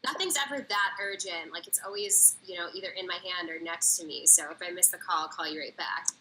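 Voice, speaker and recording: Woman from minnesota, super bright crisp tone, casual and chatty, lots of likes and ums, faint noise in back. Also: fairly low pitch, brisk, rough recording. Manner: casual, frequent "like" and "um" fillers, short answers. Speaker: interview guest, agency executive. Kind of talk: casual interview answers.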